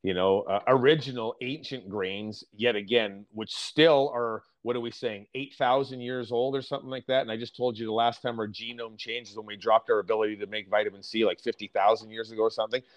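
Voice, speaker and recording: A man's voice: fairly low pitch, steady tone, fairly quick, few pauses. A man speaking in a blunt, emphatic way in a casual podcast chat. He has an ordinary mid-range voice and often drops into mocking imitations of other people's complaints. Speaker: podcast guest on fasting and diet.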